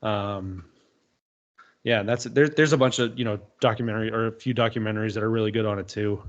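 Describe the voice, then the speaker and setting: A man's voice: on the low side, fairly even intonation, brisk. Casual male podcast guest, loose storyteller who swears a lot, slightly dull lo-fi sound. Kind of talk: casual chat.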